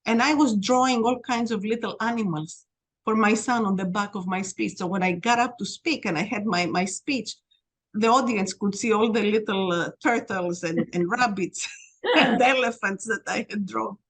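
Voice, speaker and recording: A middle-aged woman from Greece, a podcast guest telling stories in a lively way and acting out the dialogue. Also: mid-range voice, normal speed. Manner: animated storyteller, reenacts dialogue. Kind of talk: storytelling interview.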